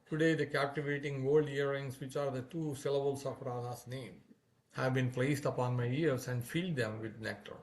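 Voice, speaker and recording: A man's voice: mid-range voice, fairly even intonation, normal speed, close to an everyday voice. A man doing a jealous, reproachful young woman. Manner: sharp, reproachful delivery. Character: jealous young woman cowherd, proud and hurt.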